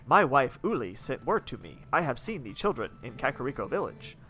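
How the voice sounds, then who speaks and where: A man's voice: mid-range voice, sing-song, brisk, fairly bright tone. A man reading the lines of an earnest village father in a plain, formal way.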